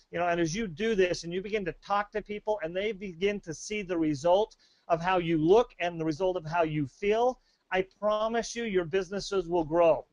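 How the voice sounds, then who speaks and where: A man's voice: high voice, darkish tone, dry recording, muffled recording. A man presenting a sales webinar, upbeat and rambling, with many fillers and restarts.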